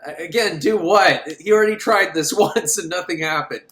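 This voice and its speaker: A man's voice: high-pitched, normal speed, a bit bright, roomy sound. A man voicing a brash, reckless young man who talks in a flippant, sarcastic way. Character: teenage boy, brash and reckless.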